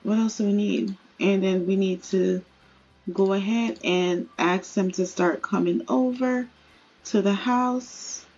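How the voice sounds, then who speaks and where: A woman giving chatty, excitable commentary as she plays a life-simulation game. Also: medium pitch, slow, breathy edge, dull audio. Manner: chatty, excitable, laughing asides. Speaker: gaming creator. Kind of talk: casual gameplay commentary.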